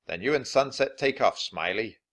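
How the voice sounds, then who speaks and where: A man voicing an adult male cowboy who gives orders in a low, steady way. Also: normal speed. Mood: commanding.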